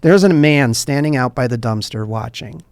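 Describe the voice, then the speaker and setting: A man's voice: mid-range voice, moderate pace, gravelly, no echo, studio quality. A man, a nonprofit coffeehouse director, telling stories in a podcast interview and acting out the people in them. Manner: animated storyteller who acts out the people in his stories.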